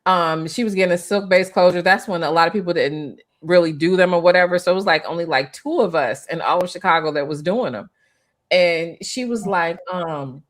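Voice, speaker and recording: Animated middle-aged woman telling a story. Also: lowish voice. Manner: animated, restarts often, acts out quoted voices. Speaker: interview guest, former hairstylist. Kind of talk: casual storytelling interview.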